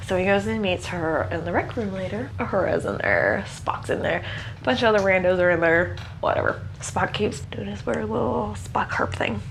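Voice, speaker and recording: A woman's voice: medium pitch, lively intonation, moderate pace, gravelly, a little hiss or hum. A woman hosting a podcast, recapping an episode with casual, sarcastic, slang-heavy comedy. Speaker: podcast host.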